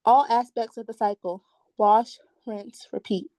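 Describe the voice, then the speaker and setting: A woman performing spoken word poetry at an open mic over a video call, giggly when chatting and measured when reciting. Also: fairly high pitch, steady tone, warm tone, no echo.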